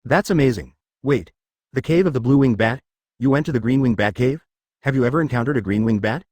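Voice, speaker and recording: A man's voice: medium pitch, fairly quick, darkish tone, no room sound, natural voice. A man voicing a confident young male cultivator hero in a fantasy storybook reading, teasing and boastful. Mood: curious.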